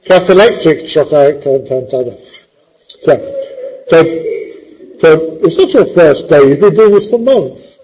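Male teacher, husky, fairly high voice, teasing, impatient, theatrical. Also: expressive, unhurried, pauses often, a little mellow, lo-fi sound. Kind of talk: classroom lecture on poetry.

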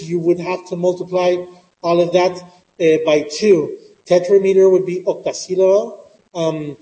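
A high-voiced man lectures to an online class. He stops and restarts often, filling gaps with "uh" and "um". His voice is mellow and rings with a long reverb. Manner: hesitant, many fillers and restarts. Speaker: teacher.

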